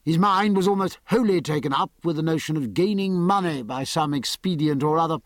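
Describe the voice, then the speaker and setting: A man reads a novel aloud in measured, expressive narration. His fairly high voice moves with lively pitch, and the dry, close recording has no room sound. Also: no room sound. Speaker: audiobook narrator. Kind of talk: scripted audiobook narration.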